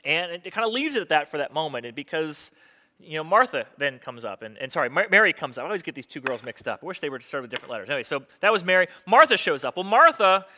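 A man preaching a sermon in a conversational way, asking his listeners questions and making quick asides. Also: fairly high pitch, big pitch swings, bright, forceful tone. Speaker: pastor.

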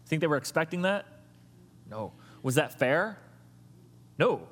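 A man preaching a sermon as pastor, lively and conversational, throwing questions and asides to the congregation. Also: fairly high pitch, a little slow, slightly rough. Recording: long reverb of a large hall.

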